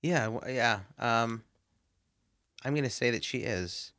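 Jokey guy cohost, lively bright voice, laughs a ton. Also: mid-range voice, slow, no echo. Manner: jokey, animated, laughs a lot. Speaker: podcast co-host. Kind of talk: casual chat.

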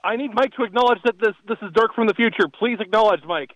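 Man doing a frantic future soldier, urgent and insistent, high voice, tinny phone line. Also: fast talker, a bit bright, dry recording. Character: frantic male time traveler from a future war. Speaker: caller. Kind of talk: comic call-in bit.

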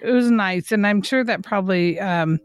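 A brash, animated woman co-hosting a reality-TV podcast, swearing freely as she picks the cast apart. Her pitch is in the middle range, and the close mic gives a dry sound with no room echo. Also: normal speed, smooth. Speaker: podcast co-host. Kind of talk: casual reality-TV recap chat.

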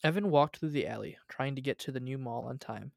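Young male host reading his own story aloud. Casual and relaxed, mid-pitched voice, dry close sound. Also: a little fast, vocal fry, dry recording.

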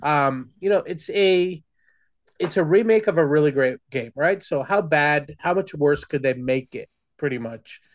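Male co-host, slightly higher voice, dry sound, easygoing chat. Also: lively intonation, measured pace, no room sound. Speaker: podcast co-host. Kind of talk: casual chat.

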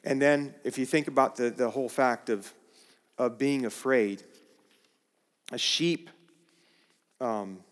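Male preacher, mid-range voice, unhurried and halting, recorded in a reverberant hall. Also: mid-range voice. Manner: halting, restarts phrases, slow deliberate delivery. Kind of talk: sermon.

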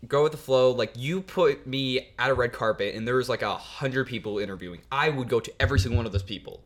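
A man's voice: mid-range voice, fast, a bit bright. A teenage boy, a guest on a podcast, telling a story in a rambling, casual way. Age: teens. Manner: rambling, many fillers.

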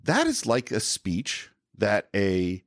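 Animated low-voiced man reviewing films. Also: slow pace, no room sound, clean studio sound. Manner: animated, retells scenes. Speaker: podcast co-host. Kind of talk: casual film review chat.

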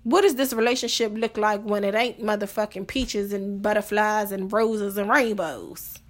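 A woman's voice: medium pitch, moderate pace. Blunt, profane woman podcaster. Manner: blunt, profane, rhetorical questions. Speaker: podcast host. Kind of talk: casual monologue on relationships.

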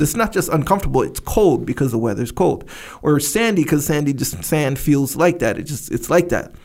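A man co-hosting a podcast, chatting casually in an animated way, laughing often and calling his partner bro. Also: fairly high pitch, brisk, hardly any pauses. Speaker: podcast co-host. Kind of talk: casual chat.

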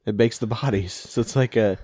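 A man's voice: fairly low pitch, brisk, a crowd in the background. A man in casual podcast chat, easygoing and agreeable, laughing often as he tells a story.

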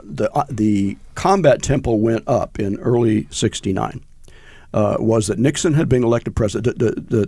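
Older man, gravelly, dark low voice, rambling with fillers, dry close sound. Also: dry recording. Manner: rambling, many fillers and restarts. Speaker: veteran interviewee. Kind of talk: conversational recollection.

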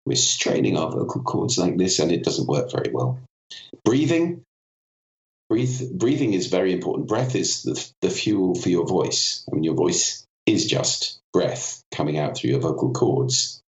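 A man with a very low voice and a cold talks as an interview guest, explaining clearly and acting out vocal effects as examples. The sound is dull and a little roomy, like a remote recording. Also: very animated, a little slow. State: has a cold. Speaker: podcast guest, voice and communication expert.

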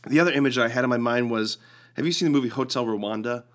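A man co-hosting a casual faith podcast, chatty and full of "like", acting out quoted lines with a lifted voice. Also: quick pace. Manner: animated, acts out quoted lines with rising pitch; lots of "like" and restarts. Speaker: podcast co-host.

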